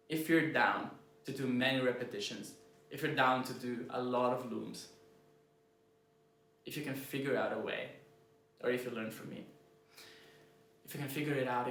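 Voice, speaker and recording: Man, native Croatian, American accent, informal coach, drops soft and slow for emphasis, roomy sound. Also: medium pitch. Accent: American, learned as a second language. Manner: shifts loudness and speed for emphasis, drops soft and slow on key points; blunt and informal, swears. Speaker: copywriting coach. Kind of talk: casual instructional talk to camera.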